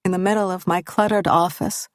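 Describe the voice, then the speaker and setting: A woman's voice: fairly low pitch, fairly even intonation, fairly quick, no room sound. Woman reading a tense first-person thriller, dry close mic. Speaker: audiobook narrator.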